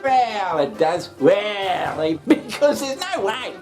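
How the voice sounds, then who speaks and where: A woman's voice: medium pitch, sing-song, takes it slowly, over music. A woman hosting a satirical comedy show, sarcastic and full of swearing, often laughing.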